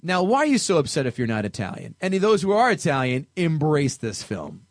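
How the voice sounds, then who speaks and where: A man's voice: fairly high pitch, wildly swooping pitch, fairly quick, no echo, studio quality. A man co-hosting a comedy film podcast, reading reviews aloud with mock dramatic emphasis.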